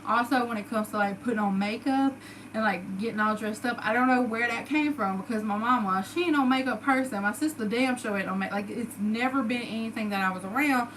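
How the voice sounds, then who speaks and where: A woman's voice: on the high side, a little fast, fairly bright tone, poor audio. Southern woman vlogger, chatty and emotional, casual storytelling, faint background hiss. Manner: chatty, emotional, lots of "like" fillers.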